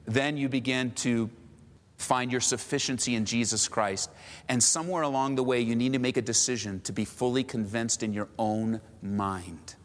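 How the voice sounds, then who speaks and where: A man's voice: mid-range voice, normal speed. Male pastor, sermon, conversational preaching, long hall reverb. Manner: conversational, acts out little scenes.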